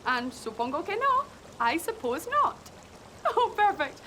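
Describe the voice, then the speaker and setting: A woman's voice: very high voice, sing-song, measured pace, pushed and bright, slight background noise, exaggerated voice. An actress playing a bubbly, endlessly cheerful young woman presenter in a TV sketch, gushing and giggly. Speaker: sketch character. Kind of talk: comic TV sketch acting.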